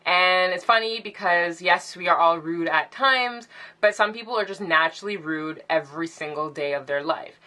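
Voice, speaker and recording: A woman's voice: on the low side, moderate pace, sharp tone. A young woman ranting casually to camera in a vlog, sassy and exasperated, with lots of "like". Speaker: vlogger.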